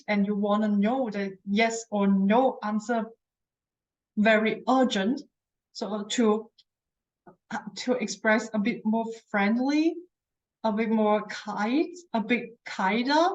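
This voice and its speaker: A woman's voice: on the high side, low-quality recording. A woman teaching a language lesson who explains patiently, repeats words for practice and often corrects herself mid-sentence. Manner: self-correcting, searches for words.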